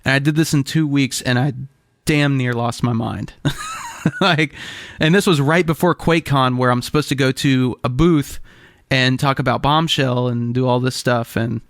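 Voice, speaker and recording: A man's voice: mid-range voice, normal speed, no room sound, clean studio sound. A man, a game music composer, telling an interview anecdote in a laid-back, storytelling way.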